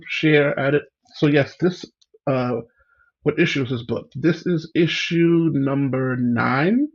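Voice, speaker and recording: A man's voice: mid-range voice, husky, lo-fi sound. A man hosting a casual livestream, chatting and greeting viewers by name. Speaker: livestream host.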